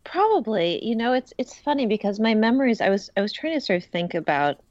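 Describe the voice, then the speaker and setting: A woman author describing her picture book casually, with many ums and soft hedging words. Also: fairly high pitch, big pitch swings, fairly quick, no echo, dull audio. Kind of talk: interview answers.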